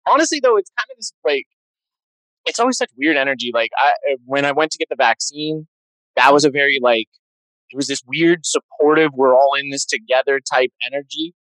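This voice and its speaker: Man podcast co-host, excitable storyteller with a loose, profane manner and a dry close mic. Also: mid-range voice, brisk, dry recording, rough recording. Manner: animated storyteller, swears freely. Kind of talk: casual chat.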